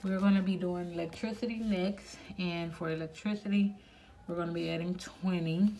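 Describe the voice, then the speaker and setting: A woman hosting a budgeting vlog, quietly counting cash aloud and chatting casually to viewers between counts. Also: lowish voice, steady tone, moderate pace. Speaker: budgeting channel host. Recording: noisy home recording.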